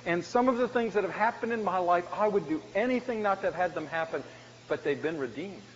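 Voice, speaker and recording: A male pastor with a notably high voice preaches, hitting key words hard before dropping to a hush. The dull, lo-fi sound carries the long reverb of a church sanctuary, with faint hiss underneath.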